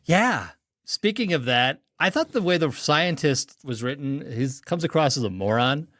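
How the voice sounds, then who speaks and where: A man's voice: a little high, lively intonation, moderate pace, a bit bright, no echo, studio quality. A man co-hosting a podcast in casual chat, critically picking apart the logic of a cartoon plot. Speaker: podcast co-host.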